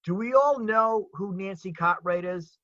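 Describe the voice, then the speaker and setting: A man's voice: high-pitched, a little slow, no echo. An older man with a Rhode Island accent, telling stories emphatically in a casual chat on a video call. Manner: animated, emphatic storyteller. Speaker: comedian guest. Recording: dull lo-fi call audio.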